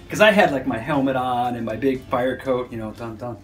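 Animated American man telling stories. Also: mid-range voice, moderate pace, few pauses, soft background music. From United States. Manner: animated, acts out sounds and voices in his stories. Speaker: university English teacher. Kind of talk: casual storytelling.

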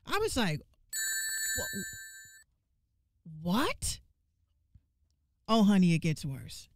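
A woman giving casual gaming commentary, ranting in an animated, profane and exasperated way and repeating lines for emphasis. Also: on the low side, fairly quick.

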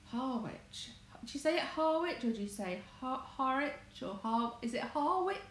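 A married adult crafts vlogger from England speaks in a sing-song, fairly high voice at a moderate pace. Livestreaming from her home conservatory, she rambles chattily, drifting and correcting herself, against faint background noise in an echoey room.

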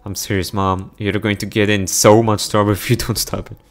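A strict, exasperated young woman from a visual novel scolds the people around her, as a man reads her lines. The voice sits low and plain. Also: flat delivery, brisk, close to an everyday voice. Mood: scolding. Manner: scolding, fed up.

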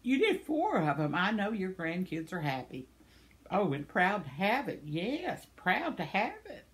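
A woman's voice: on the low side, sing-song, unhurried. An older woman hosting her own channel, casually reading viewer comments aloud in a chatty, tender way, laughing often and stumbling over names. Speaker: channel host.

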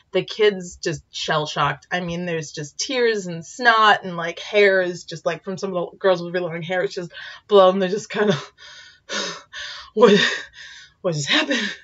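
Woman, casual storytelling, animated, fillers, bright tone, dull lo-fi recording. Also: medium pitch. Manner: animated, many fillers, acts out quotes with squeals. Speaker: vlogger and teacher in Japan.

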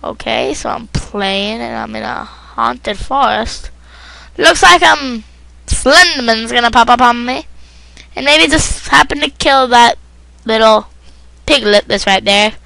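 A woman rambles and swears through casual let's play commentary, goofy and crude. Her voice is a little high, with gravelly fry. It has a bright, sharp edge. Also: unhurried, dry recording, low-quality recording. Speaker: gamer.

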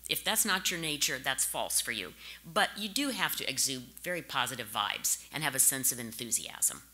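A woman's voice: a bass voice, lively intonation, normal speed, pushed and bright. An American woman in her fifties from St. Louis, giving a direct, anecdotal conference speech. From St. Louis, USA. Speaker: conference speaker.

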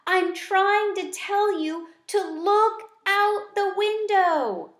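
A woman voicing an eager little male pet hamster who squeaks high, urgent pleas. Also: lively intonation, drawn-out words, fairly bright tone, reverberant, heavily acted. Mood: excited pleading.

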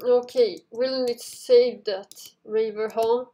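A woman's voice: a little high, steady tone, takes it slowly, dark tone. A woman hosting a casual gameplay video, chatting to viewers and giggling often as she plays. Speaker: gaming video host.

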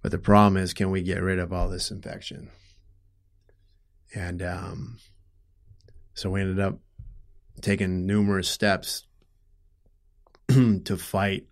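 A middle-aged man with a somewhat low voice recounts a hard family story in conversation. He speaks haltingly and with feeling, restarts his sentences, and turns loud and heated when upset. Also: level tone. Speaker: guest telling his story. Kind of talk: personal storytelling in an interview.

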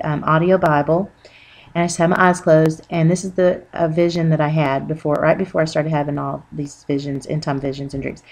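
Woman, deep voice, gravelly, earnest, halting, personal testimony. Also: a little mellow. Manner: earnest, rambling with many fillers. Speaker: Christian testimony speaker.

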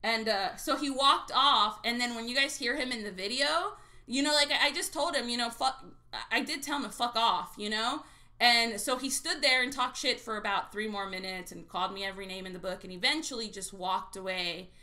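A woman's voice: on the high side, a little fast, bright, forceful tone. A woman hosting a live stream, chatting casually and telling stories in a blunt, salty way while she reads viewer names. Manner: blunt and salty, swears freely; chatty storyteller. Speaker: livestream host scratching lottery tickets.

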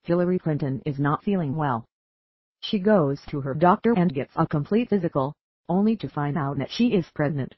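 A synthetic-sounding narrator works through a joke story in a flat, literal way, even reading the punctuation marks aloud. The voice is slightly husky and sits at a middle pitch. The recording is dry and dull, like low-fidelity audio. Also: moderate pace, dry recording.

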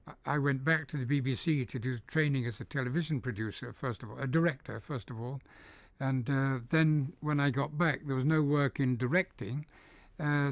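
A man's voice: mid-range voice, no room sound. An older man from the north of England with a neutralized mid-Atlantic English accent, telling stories in an interview with many ums and restarts. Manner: storytelling, hesitant with frequent ums and restarts. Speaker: interviewee, dubbing studio founder. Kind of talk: relaxed anecdotal interview. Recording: dull, dry lo-fi recording.

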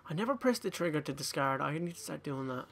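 Young gamer, tired and sweary, mutters his way through a pack opening in a fairly high voice. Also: animated, fast talker, gravelly, a bit bright. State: tired, yawning. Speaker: gaming YouTuber.

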